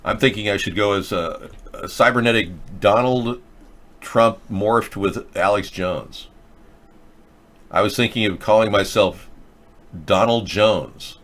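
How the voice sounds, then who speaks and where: Rambling middle-aged man with a low voice. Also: unhurried, a bit bright. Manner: rambling, sarcastic, drifts between topics. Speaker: host. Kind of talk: casual rambling monologue.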